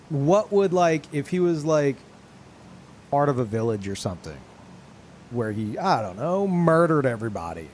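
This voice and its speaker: A man's voice: medium pitch, darkish tone, slight background noise. A young man chatting casually to his live chat in a rambling way, full of fillers and restarts. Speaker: streamer.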